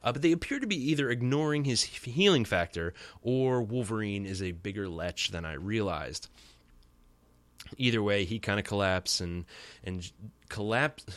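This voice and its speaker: Low, dry-voiced man rambling through a podcast recap. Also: moderate pace, dry recording. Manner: rambling and joking, with frequent fillers. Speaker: podcast host. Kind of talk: casual solo episode recap.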